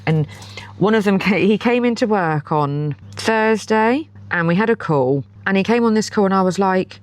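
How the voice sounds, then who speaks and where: A woman's voice: medium pitch, animated, moderate pace, a little mellow. A woman in her forties, co-hosting a podcast in casual chat and telling stories with acted-out dialogue. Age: 40s. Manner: chatty storyteller who acts out quoted dialogue. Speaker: podcast co-host.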